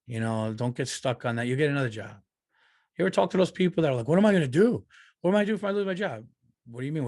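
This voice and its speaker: A man's voice: mid-range voice, no echo, studio quality. A middle-aged man hosting a podcast, giving a blunt, profane, earnest pep talk in casual monologue. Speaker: podcast host.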